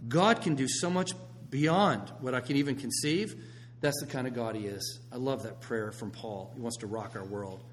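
A middle-aged man preaching a sermon as a pastor, telling stories with animated swings between loud bursts and hushed lines. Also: medium pitch, moderate pace, a little hiss or hum.

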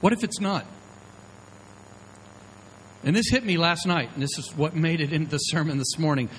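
A man's voice: a little high, expressive, moderate pace, fairly bright tone, slight background noise, low-quality recording. A middle-aged man preaching as a pastor, telling stories in a conversational way and often checking in with "okay?". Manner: conversational storytelling, frequent "okay?" check-ins. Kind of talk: sermon.

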